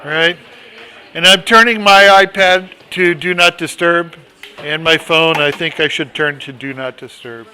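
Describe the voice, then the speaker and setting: A man's voice: a little high, fairly even intonation, a little slow, sharp tone, slight background noise. A middle-aged man leading a casual Bible study, telling stories and reading scripture aloud in a rambling, chatty way with asides and restarts.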